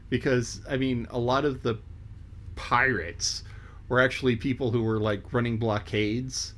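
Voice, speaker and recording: A man's voice: medium pitch, steady tone, measured pace, a bit bright. A man reading a classic novel aloud as an audiobook reader, then rambling casually with lots of fillers. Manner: loose, rambling asides full of fillers.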